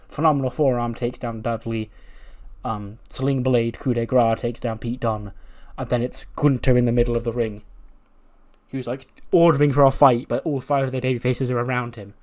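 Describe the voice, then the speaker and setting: A man narrating his wrestling management game run in a loose, chatty way. His pitch sits in an ordinary middle range. He keeps correcting himself and chuckles at his own jokes. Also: fairly even intonation, fairly quick, darkish tone. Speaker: game commentator. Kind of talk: casual narration of a wrestling sim playthrough.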